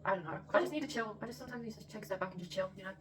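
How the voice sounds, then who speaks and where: A young woman in casual chat, quick and full of "like". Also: mid-range voice. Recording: mic far off, faint background noise.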